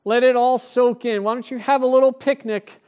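A man's voice: very high voice, steady tone, normal speed, a little mellow, clear, resonant tone, voice pushed up. A man preaching a sermon, putting on the voice of a laid-back angel in a mock-casual sermon aside.

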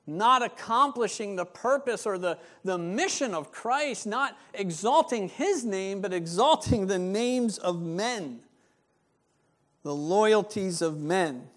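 Pastor guy preaching, kinda high voice, acts out people's voices a lot. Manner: animated, acts out voices of church members. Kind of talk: sermon.

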